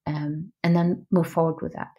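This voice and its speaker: Lowish-voiced woman explaining things. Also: little pitch movement, moderate pace, dull audio. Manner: tags points with "right?", self-corrects often; laughs easily. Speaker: podcast guest, product expert. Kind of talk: explanatory interview talk.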